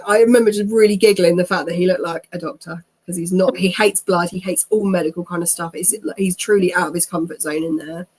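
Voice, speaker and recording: Her voice is fairly low, darkish and husky; she's in her thirties and appears as an interview guest. Chatting through her own story, she laughs a lot and acts out other people's lines.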